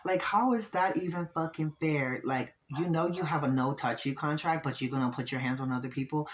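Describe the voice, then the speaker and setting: A man, recapping a reality TV episode in casual, profane talk, full of quick asides. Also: a little high, rough recording. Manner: profane, animated, fast asides, mimics cast members.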